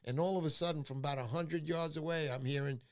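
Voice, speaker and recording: A man hosts a casual livestream, telling stories in loose rambling bursts full of fillers. His voice sits fairly high for a man. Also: fairly even intonation, quick pace. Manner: rambling storyteller with many fillers. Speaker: livestream host. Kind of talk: casual live-stream chat.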